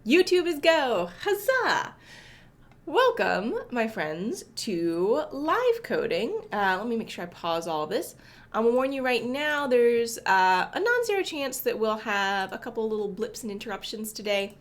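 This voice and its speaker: Lively chatty woman streaming from home. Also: a little high, normal speed. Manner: chatty, greets viewers by name, self-correcting. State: sniffly from allergies. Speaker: livestream host coding. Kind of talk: casual livestream chat. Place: apartment home.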